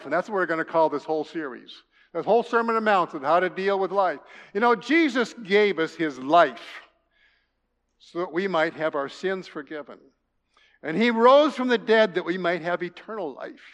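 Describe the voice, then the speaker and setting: Older male pastor, high-pitched, storytelling sermon, reverberant hall. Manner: folksy storytelling with jokes, drops to a soft hush. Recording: long reverb of a large hall.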